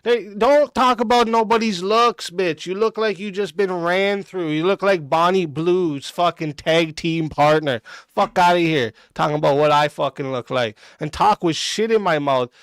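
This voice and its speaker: A man's voice: sits high, normal speed, few pauses, smooth, no echo. A man streaming a reaction and ranting back at a clip, aggressive and mocking, cursing constantly. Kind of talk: profane reaction rant.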